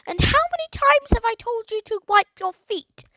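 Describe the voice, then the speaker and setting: Storybook parrot, high and loud, scolding and impatient, as a woman narrator puts it on. Recorded dry. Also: lively intonation, moderate pace, no echo, heavily acted. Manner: scolding, shrill commands. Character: rude squawking male parrot, bossy and impatient.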